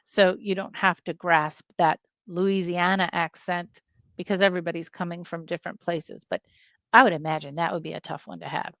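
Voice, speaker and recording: A woman's voice: fairly low pitch, fairly even intonation, moderate pace, creaky, a bit bright, no room sound. A woman co-hosting a casual film podcast over a video call, chatty and explaining background with plenty of fillers.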